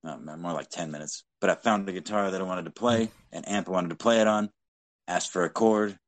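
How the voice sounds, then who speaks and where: A man's voice: deep voice, fairly quick. A man co-hosting a podcast, telling casual anecdotes in a blunt, profanity-heavy way. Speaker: podcast co-host. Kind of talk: casual storytelling chat.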